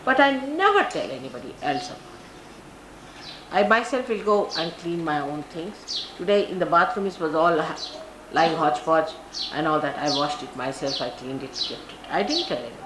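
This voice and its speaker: In a roomy archival live recording with background noise, an older Indian woman speaks in a deep, animated voice at a moderate pace. A spiritual teacher with an Indian English accent, she delivers a spiritual talk full of stories, acting out the people she quotes.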